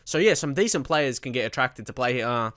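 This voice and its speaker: A young man commentating his own football management game, casual and prone to loud outbursts. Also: mid-range voice, brisk, dry recording, clean studio sound. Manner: excitable, shouts at big moments. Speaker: gaming YouTuber. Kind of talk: let's play commentary.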